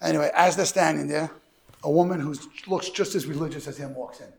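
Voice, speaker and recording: Gravelly fast-talking man preaching. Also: a little high. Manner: animated, rushed, sprinkled with Hebrew and Yiddish terms. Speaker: religious lecturer. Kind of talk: storytelling sermon.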